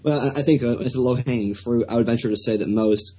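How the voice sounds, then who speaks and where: A man's voice: medium pitch, fast, mellow, a little hiss or hum, poor audio. A man co-hosting a casual podcast, talking in a rambling, hesitant way with many restarts. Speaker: podcast co-host.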